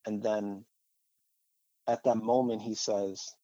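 A man's voice: on the low side, little pitch movement, slow pace, dark tone, no echo, highs cut off. A man sharing a personal faith testimony in a conversational, rambling way, with fillers and repeated phrases.

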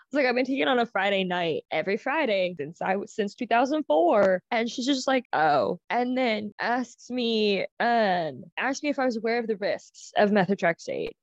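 A woman telling a story in casual chat, animated and exasperated, swearing freely. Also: mid-range voice, normal speed, few pauses, no room sound, highs cut off.

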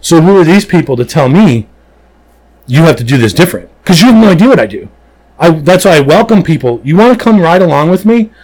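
Cop guy talking on a podcast, voice jumps all over, kinda high, blunt and emphatic. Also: brisk, poor audio. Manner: animated storyteller, emphatic and blunt. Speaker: police officer guest. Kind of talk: casual podcast chat.

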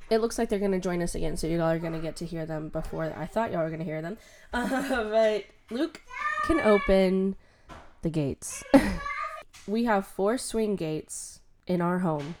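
A young woman chats casually as a podcast host, recording at home. She rambles warmly through her thoughts with plenty of "um" and "like" and laughs often. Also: on the low side, unhurried, slight background noise. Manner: chatty, many fillers, laughs often.

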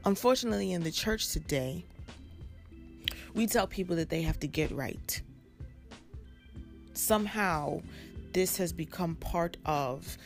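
A woman preaching a sermon with an emphatic, repetitive cadence. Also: fairly low pitch.

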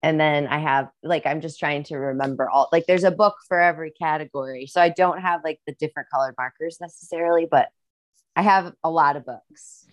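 A woman's voice: deep voice, fairly even intonation, a little fast, no echo. A young woman with a Midwestern accent, chatting casually and a little rambling as a guest on a podcast. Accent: Midwestern American. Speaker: musician and guest.

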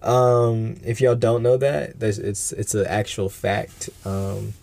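A man's voice: fairly low pitch, fairly even intonation, takes it slowly, gravelly, darkish tone. A young man hosting a casual solo podcast, talking in a laid-back, rambling way full of slang and swearing. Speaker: podcast host.

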